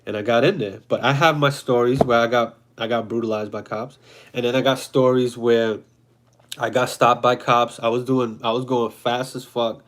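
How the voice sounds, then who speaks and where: A man's voice: mid-range voice, normal speed. Blunt New guy in his thirties, swears freely, casual storytelling monologue, mid-range voice. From New York City. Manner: blunt, profane, animated storytelling. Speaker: host.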